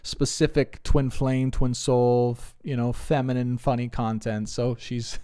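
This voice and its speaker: A man's voice: mid-range voice, a little slow, clear, resonant tone. Rambling earnest man on a live stream. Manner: earnest, rambling, animated when retelling stories. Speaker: spiritual reader answering live chat. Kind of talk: casual live stream chat.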